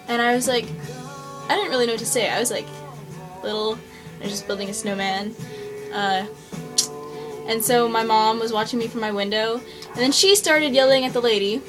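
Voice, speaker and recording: A woman's voice: fairly high pitch, fairly even intonation, brisk, long pauses, low-quality recording. A teenage girl telling a story casually to camera in a chatty way, full of likes and ums. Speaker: vlogger. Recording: guitar music playing underneath.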